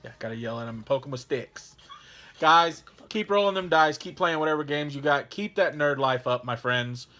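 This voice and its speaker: A man's voice: a little high, moderate pace, sharp tone. A man hosting a casual home vlog, laid-back, goofy and rambling. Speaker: channel host. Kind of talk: casual chat. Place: home in Texas.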